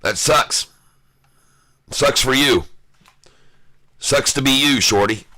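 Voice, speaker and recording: A man giving live day-trading commentary, excitable and taunting, calling out prices and addressing viewers as folks. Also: medium pitch, takes it slowly. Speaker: stock day-trader streaming live.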